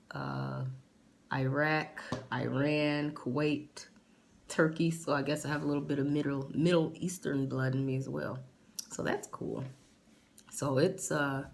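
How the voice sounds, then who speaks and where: Very low-voiced chatty woman vlogger. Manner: chatty, amused, halting with fillers. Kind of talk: casual chat reading results aloud.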